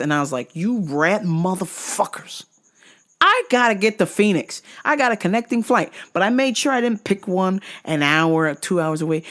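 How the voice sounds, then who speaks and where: A woman with a lower voice retells a travel ordeal in a casual vlog. Her pitch swings widely as she gets worked up, and she swears freely. She drags out key words when she wants them to land. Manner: profane, exasperated, animated retelling. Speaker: vlog host. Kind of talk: casual storytelling rant.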